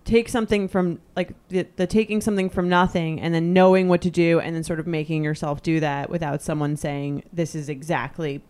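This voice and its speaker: A woman's voice: on the low side, fairly even intonation, fairly quick, hardly any pauses, a little mellow, smooth. A woman co-hosting an interview, hesitant and searching for her words. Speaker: podcast co-host. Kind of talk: casual interview talk.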